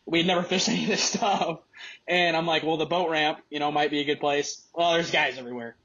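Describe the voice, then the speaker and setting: A young man from Michigan, a college angler guest, telling a story in a rambling, excited way with lots of fillers. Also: fairly high pitch, fairly quick, muffled recording. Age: young adult. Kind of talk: casual storytelling.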